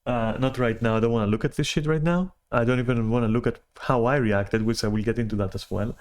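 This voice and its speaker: A man talking alone in a casual, unscripted vent, his voice sitting at an ordinary middle pitch. He sounds agitated and exasperated, swears freely and keeps stumbling over restarts as he tries to get his point out. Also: fast. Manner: agitated, profane, exasperated rant with many restarts. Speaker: podcaster venting. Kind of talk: casual monologue venting.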